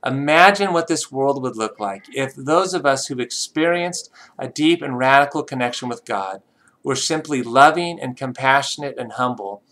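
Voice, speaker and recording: Bright-voiced man telling a sermon story. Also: medium pitch, normal speed. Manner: animated storyteller acting out quoted voices. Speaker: pastor.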